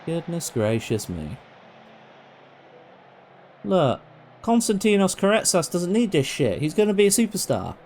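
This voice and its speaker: A man's voice: high voice, wildly swooping pitch, unhurried, long pauses, darkish tone, slight background noise. Sweary man streaming a football game. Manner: swears freely, talks to the players on screen, goes off on rants. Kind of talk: casual live-stream commentary while playing a football management game.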